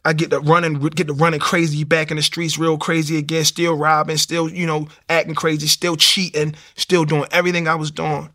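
Gravelly man telling his story. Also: on the high side, flat delivery, brisk, few pauses, pushed and bright. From Baltimore, USA. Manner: storytelling with acted-out dialogue. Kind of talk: personal testimony.

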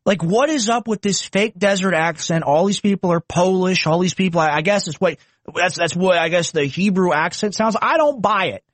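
A male commentator reacting to clips with heated scorn. His voice sits high and jumps in pitch. The sound is dry and close, with no room echo. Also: normal speed, a bit bright. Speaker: political commentator. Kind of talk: reaction commentary on a video clip.

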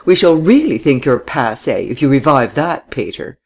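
A reader voicing a healthy, jolly young widow from a storybook. She speaks in high, distinct tones and is quick to mock and laugh. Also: sing-song, a little mellow. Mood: teasing.

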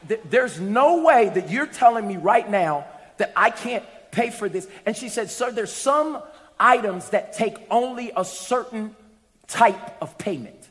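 A man with a notably high voice preaches a sermon. He tells stories with playful asides and climbs into loud, shouted moments. His voice carries long echoes through a large hall. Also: expressive, a little slow.

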